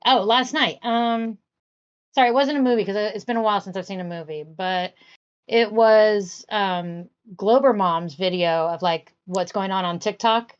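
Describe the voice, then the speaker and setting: Chatty woman co-hosting, dull audio. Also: mid-range voice. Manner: chatty storyteller, many fillers. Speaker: podcast co-host. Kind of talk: casual chat.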